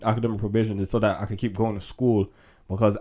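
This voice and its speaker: A man's voice: lowish voice, little pitch movement, quick pace, warm tone. A young man, hosting a podcast as a casual, chatty monologue. He laughs often and peppers his talk with "yo" and "like". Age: young adult. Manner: laid-back, chatty, laughs often, says "yo" and "like". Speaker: podcast host.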